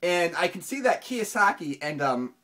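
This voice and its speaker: A finance channel host giving casual video commentary, rambling with many restarts and fillers, and jumping up in pitch for emphasis. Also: moderate pace. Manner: animated, pitch jumps up for emphasis.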